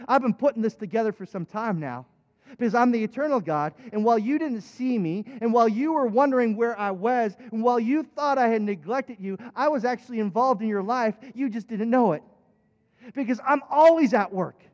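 A preacher voicing a reassuring divine figure. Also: male voice, very high-pitched, lively intonation, a little fast. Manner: earnest, insistent and reassuring. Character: patient divine male speaker, reassuring and steady. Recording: dull recording with long hall reverb.

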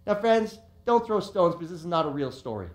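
A man's voice: high-pitched, sing-song, fairly quick. A man preaching a sermon as pastor, telling a story in a chatty way with many repeated words and restarts. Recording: echoey room.

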